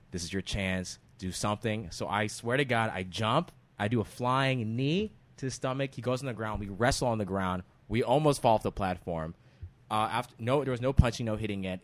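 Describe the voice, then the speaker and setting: A man in his twenties, a podcast guest, telling a story in casual talk and acting out quotes loudly. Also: lowish voice, brisk. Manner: animated, acts out quotes loudly.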